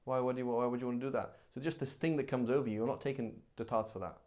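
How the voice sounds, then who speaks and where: An Islamic teacher, a man with a medium-pitched voice, talks fast while leading a live religious class. He's conversational and animated, acting out everyday examples.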